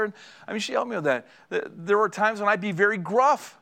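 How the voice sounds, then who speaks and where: A middle-aged male pastor delivering a sermon, lively and joking as he acts out little scenes from married life. His voice sits a touch higher than most men's. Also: fairly quick, gravelly. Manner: animated storytelling, acting out conversations; joking, draws audience laughter.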